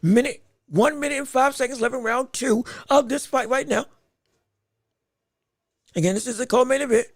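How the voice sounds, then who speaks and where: A man hosting a live podcast, giving rapid round-by-round boxing commentary with excited outbursts. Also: very high voice, no room sound, studio quality. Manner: rapid play-by-play, excited outbursts, talks to the chat. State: hiccups.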